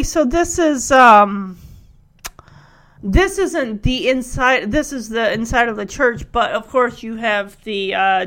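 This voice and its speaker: Chatty high-voiced woman recapping a show. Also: a bit bright. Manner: chatty, giggly, acts out quotes in quick voices. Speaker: TV episode recapper. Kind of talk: casual recap commentary.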